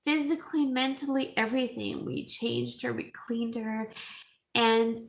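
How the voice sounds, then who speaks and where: A woman chatting with her viewers while crying, her voice gravelly and worn from the tears. She talks very slowly, stopping often and repeating her words. Her voice sits a little high. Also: fairly even intonation. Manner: tearful, halting, repeats words. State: crying, sore throat. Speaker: jewelry seller live-streaming to viewers. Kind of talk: emotional live stream chat with viewers.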